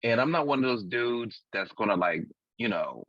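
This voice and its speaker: A man's voice: fairly low pitch, animated, normal speed, fairly bright tone, dry recording. A man in his forties, co-hosting a podcast in candid comedic chat, frank and profane, often laughing at his own jokes. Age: 40s. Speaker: podcast co-host. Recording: dull dry lo-fi recording.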